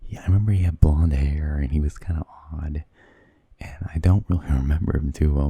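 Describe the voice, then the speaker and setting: Super low gravelly guy doing soft-spoken asmr, rambly and hesitant, slides into whispers. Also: steady tone, a little fast, no echo. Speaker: ASMR creator.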